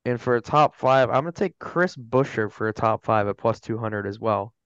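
A man lays out his betting picks plainly and without fuss. His voice is smooth and clear, recorded dry and a little dull. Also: mid-range voice, moderate pace, a bit bright, no room sound. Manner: matter-of-fact, listing picks. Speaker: podcast co-host. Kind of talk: casual sports betting chat. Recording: dry, slightly dull mic.

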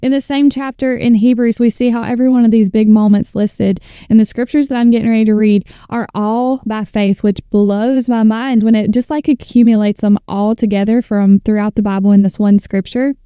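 A woman's voice: on the high side, steady tone, fairly quick, few pauses, mellow, clean tone, no room sound. A woman in her thirties hosting a faith podcast, reading scripture and speaking with earnest, preacher-like fervor into a close mic. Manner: fervent, earnest, preacher-like build-ups. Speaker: podcast host and author.

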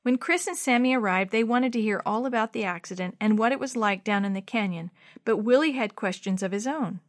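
A woman's voice: fairly high pitch, fairly quick. A woman reading a children's chapter book aloud in a scripted narration, lifting her voice for the dialogue. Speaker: storybook reader.

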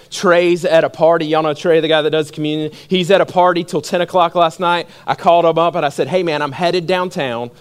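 A young man delivers a sermon in a high, bright-pitched voice. He tells stories with growing animation, pushing up into near-shouts and dropping low again to explain scripture. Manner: animated storytelling, building to shouts. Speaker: pastor.

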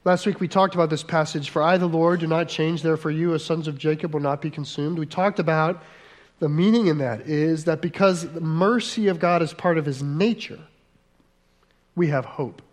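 A man preaching a sermon as pastor, earnest, slowing down for emphasis and acting out quoted voices. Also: fairly high pitch.

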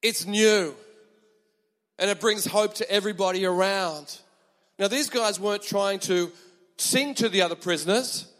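A man preaching a sermon, emphatic and animated, with chatty asides to the congregation. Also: sits high, a little slow, big-room sound.

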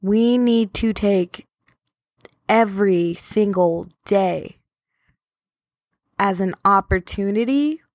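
A woman's voice: medium pitch, takes it slowly, long pauses, no echo, clean studio sound. A young adult woman hosting a podcast in a casual, rambling, self-deprecating chat. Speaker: podcast host.

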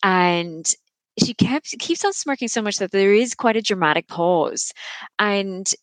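A woman's voice: medium pitch, a little slow, dry recording. A woman co-hosting a podcast, chatting casually and acting out quotes in mocking voices. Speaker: podcast co-host. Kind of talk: casual recap chat.

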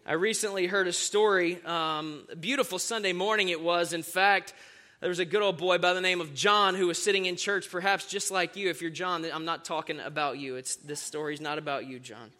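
A man preaching a sermon, lively and jokey, calling on the crowd for amens. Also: sits high, brisk.

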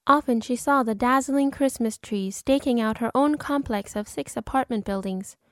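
A woman giving measured, dramatic audiobook narration. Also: a little high, dry recording, studio quality. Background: orchestral film score.

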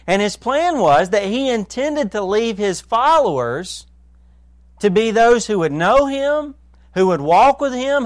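A pastor preaching a sermon in an earnest way, dropping to a hush and rising to emphasis, often putting questions to his listeners. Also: high-pitched, dry recording. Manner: earnest, swings between hushed and emphatic; asks listeners direct questions.

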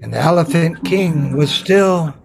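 A man telling a folktale in an improvised, slow and measured storytelling manner. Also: fairly high pitch, creaky, over music, poor audio. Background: veena accompaniment.

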